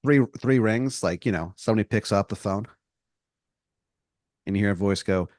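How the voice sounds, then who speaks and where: Low-voiced male podcast co-host, rambling improv storyteller, dry close sound. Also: normal speed, pauses often, a little mellow, no room sound. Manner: rambling, full of likes and restarts.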